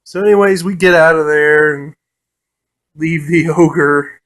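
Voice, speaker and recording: A man casually retelling a tabletop adventure, laughing often and cursing freely. His voice sits a little high, and he talks slowly, with plenty of fillers. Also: fairly bright tone. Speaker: tabletop game player. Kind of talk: casual storytelling.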